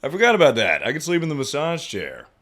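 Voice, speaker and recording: A man's voice: on the high side, quick pace. Profane, self-mocking young man streamer. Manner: profane, self-mocking, swings to loud excited outbursts. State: injured, in pain. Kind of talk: casual livestream chat.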